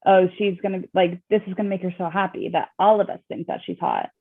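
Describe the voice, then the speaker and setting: A woman co-hosting a casual chat, who backs up the speaker with quick agreeing replies. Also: lowish voice, steady tone. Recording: tinny dry phone-like sound.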